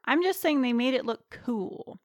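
A woman co-hosting a podcast, chatting casually about a film, laughing often and talking in an animated way. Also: sits high, normal speed, no echo, studio quality. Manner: giggly, animated. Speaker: podcast co-host.

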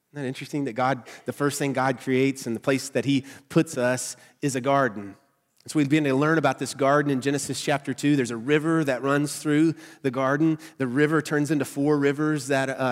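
Young male pastor, nasal Southern accent, animated chatty preaching, long church reverb. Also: mid-range voice. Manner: conversational, animated preaching with audience asides. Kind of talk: sermon. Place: church sanctuary.

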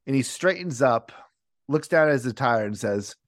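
A man's voice: mid-range voice, animated, moderate pace, dry recording, clean studio sound. A man playing a tabletop game, narrating his character's scene casually and crudely. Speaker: player.

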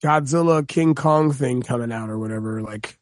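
A man co-hosting a podcast, chatting casually and telling jokes with animated energy. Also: medium pitch, moderate pace, no room sound, clean studio sound. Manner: animated, joking storyteller. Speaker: podcast co-host. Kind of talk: casual chat.

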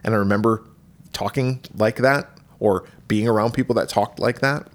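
A man's voice: fairly low pitch, normal speed. A man in his thirties co-hosting a podcast in casual chat, loose, joking and profane. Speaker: podcast co-host.

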